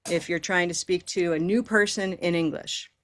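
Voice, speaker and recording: A woman's voice: lowish voice, steady tone, a crowd in the background. American woman teaching pronunciation. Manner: encouraging, models phrases slowly. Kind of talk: online class instruction. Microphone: video call.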